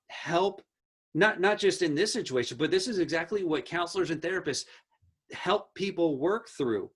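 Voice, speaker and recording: Guy teacher talking to parents, kinda high voice, earnest, repeats stuff for emphasis. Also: fairly bright tone, slightly rough. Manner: acts out the quoted voices of kids and parents. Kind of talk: presentation to parents.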